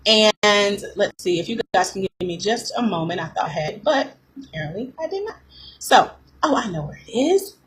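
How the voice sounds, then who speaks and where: A woman's voice: medium pitch, expressive, moderate pace. A woman business coach hosting a live coaching call, upbeat and greeting listeners by name. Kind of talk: live-stream coaching talk. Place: home office with a fan running. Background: fan hum and distant thunder.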